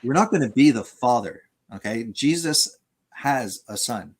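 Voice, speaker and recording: Man debater, mid-pitched, hesitant, fills pauses with "uh" and circles back to restart thoughts. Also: expressive, breathy edge. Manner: halting, many fillers and restarts. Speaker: debater on Christian theology. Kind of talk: conversational debate.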